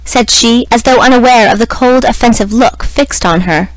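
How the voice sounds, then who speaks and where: A woman reading a classic novel aloud as scripted narration, in a measured, even manner. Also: fairly high pitch, dry recording, rough recording. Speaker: audiobook reader.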